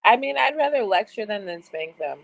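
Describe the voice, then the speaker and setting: A woman's voice: mid-range voice, a little fast, gravelly, over a noisy crowd, rough recording. Candid, laughing woman in her thirties. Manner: laughs often, relaxed and candid. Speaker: podcast co-host. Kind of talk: casual chat.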